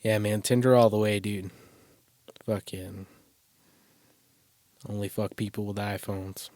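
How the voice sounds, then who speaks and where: A man's voice: fairly low pitch, steady tone, measured pace, a little mellow, dry recording, clean studio sound. A man hosting a solo podcast from a closet, talking in a rambling, crude, self-deprecating way and swearing a lot. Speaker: podcast host. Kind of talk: casual solo podcast monologue. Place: small closet.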